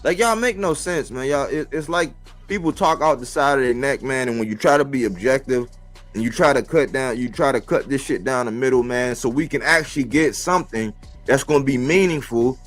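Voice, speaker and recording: A man giving a casual, slangy boxing commentary monologue for a live stream, animated and rhetorical, repeating his points. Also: mid-range voice, brisk, faint music behind. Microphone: live-stream mic.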